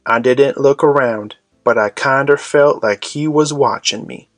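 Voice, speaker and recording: A man narrating an audiobook in a measured storytelling manner. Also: medium pitch, dry recording, faint music behind.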